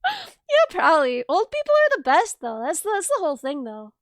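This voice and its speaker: A woman's voice: very high-pitched, normal speed, no room sound, studio quality. A woman streamer chatting casually on a home mic, telling childhood stories with lots of giggles. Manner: giggly, animated storytelling. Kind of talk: casual chat.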